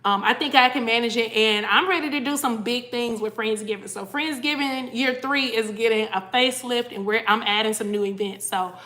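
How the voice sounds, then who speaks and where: Woman, bright forceful voice, tired, casual livestream chat, greets viewers by name. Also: on the high side, brisk, few pauses. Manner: chatty, greets chatters by name, reads comments aloud. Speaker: cruise vlogger hosting a livestream.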